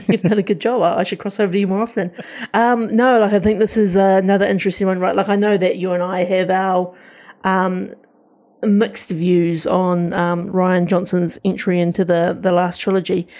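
Chatty woman with a mellow voice. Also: medium pitch. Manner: enthusiastic, chatty, many restarts. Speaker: podcast co-host. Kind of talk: casual pop-culture chat.

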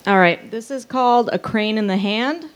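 A woman's voice: a little high, normal speed. A woman comedian reading her fan fiction to a live audience in a dry, offhand way. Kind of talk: comic reading to a live crowd.

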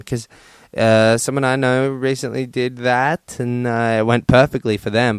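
Young male podcast host, profane and self-deprecating, smooth voice, dry sound. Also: medium pitch, steady tone, moderate pace, hardly any pauses, dry recording. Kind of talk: casual solo podcast chat.

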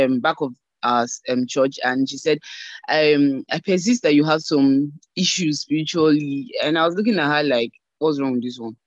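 A woman giving a church testimony over an online call, telling her story in an animated way and acting out the voices she quotes. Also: sits low, no echo. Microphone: online call mic. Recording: dull lo-fi online call audio.

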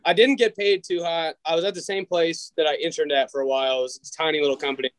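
A young man tells loose, rambling stories as a podcast guest, acting out everyone's lines as he goes. His voice sits fairly high, and the recording is dry and close. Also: fairly even intonation, quick pace, dry recording, rough recording. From Massachusetts. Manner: rambling storyteller, acts out quotes. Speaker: comedian guest. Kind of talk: casual podcast chat.

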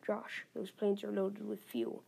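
A woman's voice: mid-range voice, lively intonation, a little slow, vocal fry, mellow, breathy edge, heavily acted. A woman reading aloud, voicing a determined young male soldier giving urgent orders in a story. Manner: urgent, commanding.

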